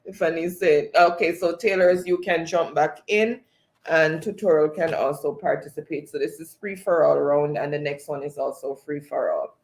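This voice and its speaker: A man's voice: on the high side, fairly even intonation, moderate pace. A man with a Jamaican accent hosting a livestream quiz, reading chat aloud and laughing often.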